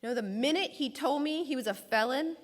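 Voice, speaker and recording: A woman's voice: high-pitched, brisk. A woman telling a personal story from her time as a lawyer in a public talk, vividly acting out the dialogue she quotes. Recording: long hall reverb.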